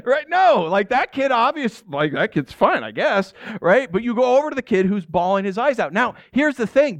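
A man's voice: sits high, dry recording. Man preaching a casual, jokey sermon. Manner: conversational and jokey, asks the audience questions. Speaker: pastor.

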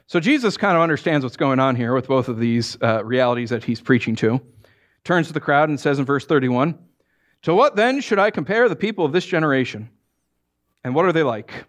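A male pastor preaching a sermon in a lively, joking way, often putting on voices for quotes. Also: fairly quick. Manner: animated, acts out quotes in high voices, jokes with congregation.

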